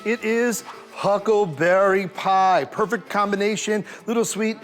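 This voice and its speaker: A man's voice: sits high, fairly even intonation, a little slow, faint music behind. A man from New York presenting state dishes in a playful, pun-heavy showman style. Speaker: food show host. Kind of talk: punny scripted food presentation.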